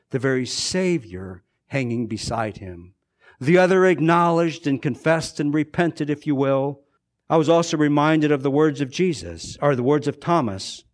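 A male pastor preaching a sermon, swinging between fervent, raised passages and hushed, quiet ones, repeating phrases for emphasis. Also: mid-range voice.

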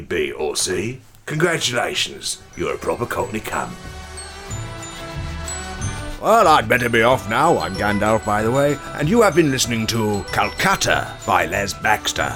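A man co-hosting a comedy podcast, playful and mock-dramatic, swearing freely. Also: sits low. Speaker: podcast co-host.

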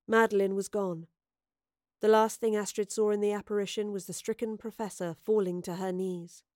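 A woman narrating an audiobook with measured, expressive storytelling. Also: mid-range voice, no room sound, clean studio sound.

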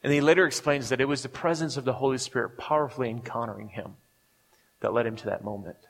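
Man, forties, pastor, storytelling sermon, middle pitch, long reverb of a church hall. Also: fairly even intonation, fast, vocal fry, fairly bright tone. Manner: personal storytelling with many restarts and fillers.

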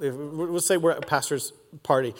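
A man in his forties delivers a sermon in a high voice. He keeps it casual and slangy, full of "like" and "dude," as if chatting with friends. The long reverb of a large church auditorium trails after every phrase. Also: fairly even intonation, a little fast. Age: 40s. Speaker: pastor.

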